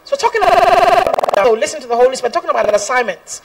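A woman's voice: high voice, animated, fast, distant mic, heavy background noise. A woman gospel singer giving an earnest personal testimony, laughing often and quoting scripture.

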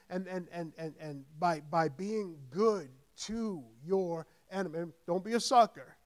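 A man preaching as a pastor with a high, bright-edged voice, swelling into emphatic scripture readings and then easing into relaxed, conversational asides. He stumbles and repeats words when he thinks aloud, keeping the sermon informal.

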